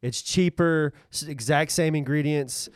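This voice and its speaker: Male podcast co-host, easygoing rambler, smooth clear voice, dry sound. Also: fairly high pitch, unhurried, dry recording. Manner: laid-back, rambling, chuckles along. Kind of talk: casual chat.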